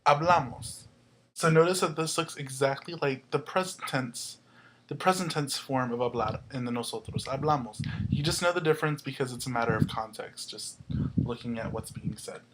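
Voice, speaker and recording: Young man teaching a relaxed language lesson. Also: mid-range voice, a little fast, slight background noise, low-quality recording. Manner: relaxed, explains step by step, spells out endings letter by letter. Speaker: host, Spanish tutor. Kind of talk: casual whiteboard lesson.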